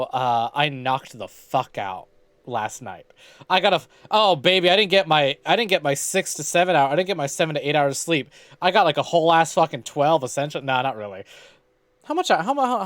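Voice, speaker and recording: A man's voice: a little high, fairly bright tone, no room sound. A young man streaming live, greeting his chat over and over and rambling jokily with lots of swearing. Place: home streaming setup.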